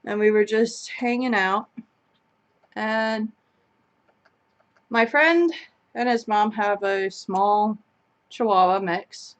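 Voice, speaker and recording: A young adult woman co-hosting a live chat stream, telling a story in a casual, animated way and laughing as she goes. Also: medium pitch, takes it slowly, long pauses.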